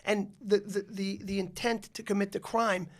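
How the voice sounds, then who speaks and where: With a high, a bit bright voice and flat delivery at normal speed, a Bronx, New York City man guests on a podcast. In this casual storytelling interview, he rambles through a long story with frequent restarts and fillers.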